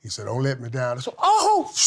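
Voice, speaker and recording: A middle-aged man, a former football player, telling lively stories as a podcast guest, laughing often and swinging from loud to hushed. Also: mid-range voice, a little hiss or hum. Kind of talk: animated storytelling in casual chat.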